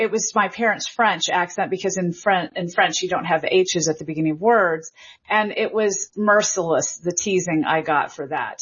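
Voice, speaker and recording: Woman in her fifties, husky, light Southern accent, chatty interview guest, slightly muffled audio. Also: mid-range voice. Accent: light Southern American. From Memphis, Tennessee. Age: Generation X. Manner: chatty, animated, many fillers and restarts. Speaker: linguist guest. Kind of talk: interview answers.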